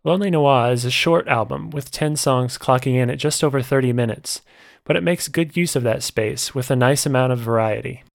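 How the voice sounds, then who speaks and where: A man narrating a scripted music album review in a measured, descriptive way. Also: mid-range voice, creaky, no echo, clean studio sound.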